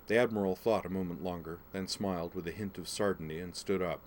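Brief: male audiobook narrator, lowish voice, steady storytelling, faint background hiss. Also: fast.

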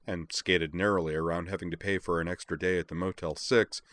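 A man reading a story aloud as narrator, with steady, even delivery. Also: low-pitched, brisk.

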